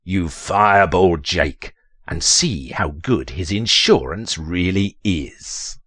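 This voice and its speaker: A man's voice: lively intonation, slow pace, pushed and bright, breathy edge, no echo, clean studio sound. A man narrating a text adventure in a theatrical, dramatic reading voice. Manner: theatrical, leaps to high strained pitch on quoted lines.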